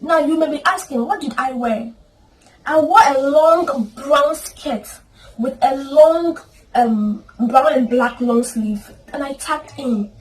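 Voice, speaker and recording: A woman's voice: high-pitched, slow pace. A woman telling a personal story in a vlog, earnest and emotional, with prayerful asides. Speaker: storytime vlogger. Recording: voice at a distance from the mic with faint ambience.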